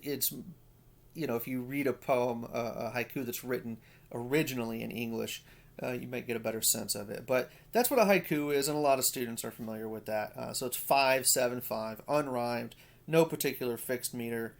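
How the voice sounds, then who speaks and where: A man's voice: mid-range voice, creaky. A male lecturer explaining poetic forms step by step, with frequent fillers and restarts. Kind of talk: recorded lecture.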